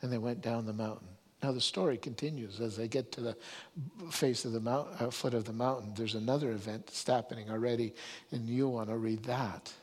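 A man's voice: medium pitch, steady tone, brisk, a little mellow, in a large hall. A man preaching a sermon, telling the story earnestly and stumbling over restarts and repeated words.

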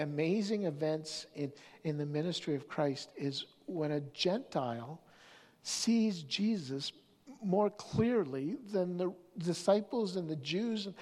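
A pastor preaching a sermon, telling stories with many restarts, moving between loud stretches and near-whispers. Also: mid-range voice. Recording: long hall reverb.

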